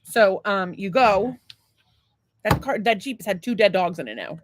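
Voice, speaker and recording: A woman's voice: mid-range voice, animated, moderate pace, background noise. A woman co-hosting a podcast, telling a long story in a casual, rambling, profane and self-mocking way. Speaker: podcast co-host.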